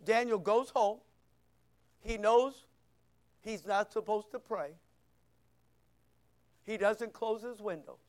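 High-voiced man preaching a sermon. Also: slow pace, pauses often. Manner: conversational, asks the listeners questions, reads scripture aloud. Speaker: pastor.

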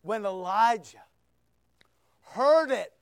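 An older man in his sixties preaching a sermon, swinging from loud shouts down to near-whispers and repeating words for emphasis. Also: high-pitched, expressive, takes it slowly, smooth, no room sound. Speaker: pastor.

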